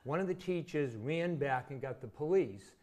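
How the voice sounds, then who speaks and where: Animated and a little high, with a slightly mellow tone at normal speed, the ex-teacher from Massachusetts tells stories in an interview. In his sixties, he is chatty and vivid, often joking at his own expense.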